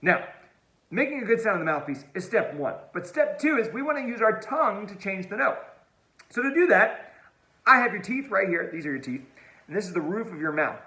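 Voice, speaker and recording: A man's voice: high-pitched, very animated, a little fast, bright, forceful tone. A man teaching an online music lesson for kids, upbeat and playful, speaking straight to the viewer. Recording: roomy echo.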